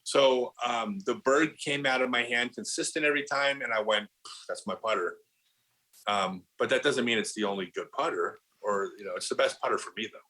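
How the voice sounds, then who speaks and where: A middle-aged man talking casually on a podcast as a guest, an animated storyteller who restarts his sentences and says "like" a lot. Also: mid-range voice, brisk, few pauses, poor audio. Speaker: podcast guest, disc golf pro.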